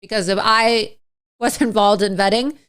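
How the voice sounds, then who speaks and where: A woman's voice: mid-range voice, steady tone, moderate pace, fairly bright tone, clear, resonant tone. A woman giving political opinion commentary, emphatic and repeating her points, with little chuckles in the middle of her sentences.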